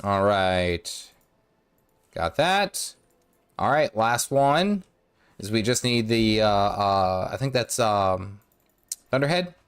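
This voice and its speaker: Animated streamer man with a sore throat. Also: fairly low pitch, slow, long pauses, clean tone. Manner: rambling, self-correcting, hums and sings nonsense to himself. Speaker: gaming streamer. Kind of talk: casual live-stream commentary while playing.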